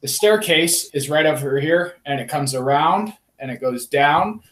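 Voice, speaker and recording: A man's voice: fairly high pitch, expressive, unhurried, a bit bright. A man playing in a tabletop game, explaining where everyone stands on the map and repeating himself. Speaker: player. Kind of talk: casual tabletop game chat. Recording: roomy echo with faint noise.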